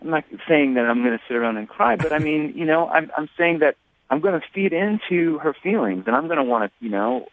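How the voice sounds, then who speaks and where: A man calling in to a radio show, talking haltingly with many restarts and fillers. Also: a little high, expressive, creaky, dry recording. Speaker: caller. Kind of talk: phone call on a radio show. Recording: tinny phone line.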